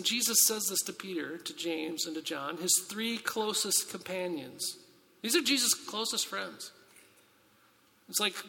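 Bright, high-voiced man preaching in a reverberant hall. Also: unhurried, gravelly. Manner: earnest, conversational, rhetorical questions, restarts. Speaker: pastor. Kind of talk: sermon with scripture reading.

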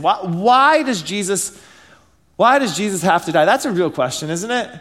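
High-voiced male pastor preaching casually. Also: expressive, moderate pace, fairly bright tone. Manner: conversational, many fillers and rhetorical questions. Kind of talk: sermon.

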